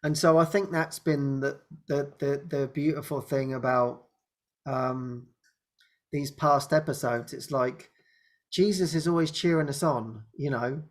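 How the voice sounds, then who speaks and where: A man hosting an online spiritual show, telling a personal story in a rambling, laughing way and dropping to a soft hush at tender moments. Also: medium pitch, steady tone, measured pace. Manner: rambling, laughs often, softens to a hush when speaking as Jesus. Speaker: host. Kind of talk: casual spiritual sharing. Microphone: video call microphone.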